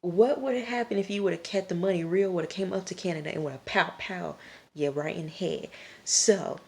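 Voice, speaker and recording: A TV episode reviewer talks directly to her viewers late at night at home, casually recapping the episode and telling off the characters as she goes. Her voice is fairly low, creaky and a little mellow, and her delivery is brisk.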